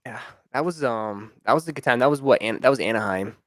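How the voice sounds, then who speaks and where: A man's voice: medium pitch, fast, fairly bright tone, dry recording, clean studio sound. A man hosting a casual livestream chat, rambling with many restarts and fillers. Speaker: livestream host.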